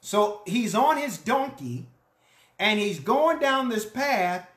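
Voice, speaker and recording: A pastor preaching a sermon, telling a story in an animated way and acting out the characters' lines. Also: medium pitch, slow, reverberant. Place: church.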